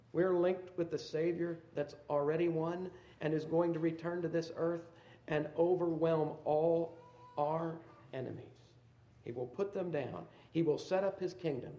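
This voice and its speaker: High-voiced preacher in an echoing room. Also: male voice. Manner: swings between loud emphatic peaks and quiet low asides. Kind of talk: sermon. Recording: roomy echo.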